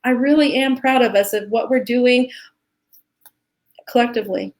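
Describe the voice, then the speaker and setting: Earnest woman with a higher voice. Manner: earnest, heartfelt, halting with restarts. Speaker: co-host, teacher. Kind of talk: live Q&A chat.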